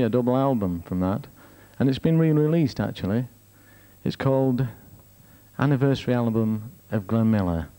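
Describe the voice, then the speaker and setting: A man's voice: medium pitch, warm tone. A man introducing acts on a theatre stage with cheeky, teasing banter. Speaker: compere. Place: theatre stage, live show.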